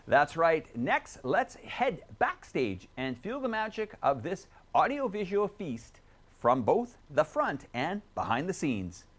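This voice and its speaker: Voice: medium pitch, slow. A show host asking a guest questions and narrating a cultural segment in a polished presenter style. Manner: lively, polished presenter delivery.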